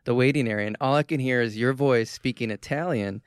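Brief: man from Boston, smooth clear voice, animated chat, dry sound. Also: mid-range voice, a little fast, dry recording. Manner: animated storyteller, many fillers. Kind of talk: casual podcast chat.

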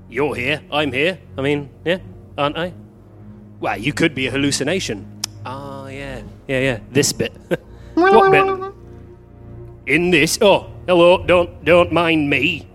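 An actor playing a flustered male time traveller who keeps meeting copies of himself, bickering in quick, confused back-and-forth in a live comedy stage play. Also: on the high side, very animated, fairly bright tone, soft background music, heavily acted. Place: theatre stage, recorded live.

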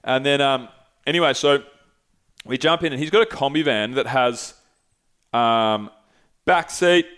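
Brief: young guy, lively storyteller, loose and profane, podcast host. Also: medium pitch, unhurried, pauses often, clean tone. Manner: animated, swears freely, acts out quoted voices. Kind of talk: casual storytelling.

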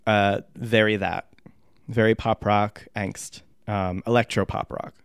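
A man's voice: on the low side, flat delivery, slow, clear, resonant tone, no echo, clean studio sound. A man co-hosting a casual music review podcast, joking and laughing often. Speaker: podcast co-host.

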